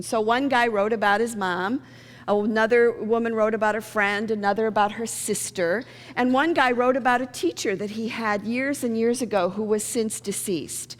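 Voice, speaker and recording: A woman's voice: a little high, normal speed, in a large hall. A woman minister giving a sermon in a conversational, storytelling way, acting out the people in her stories. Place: church sanctuary.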